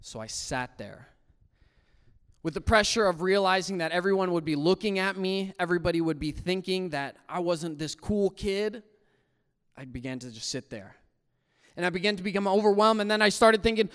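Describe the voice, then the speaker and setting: Earnest man with a high, clear voice. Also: moderate pace, long reverb tail. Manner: earnest, swings from hushed to loud and emotional. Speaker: testimony speaker. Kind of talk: personal faith testimony.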